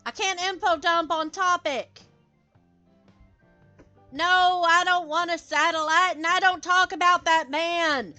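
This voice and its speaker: A woman's voice: very high voice, fairly even intonation, slow pace, bright, forceful tone, soft background music. A woman streaming a game live and chatting with her viewers in a rambling, playful way, slipping into silly voices.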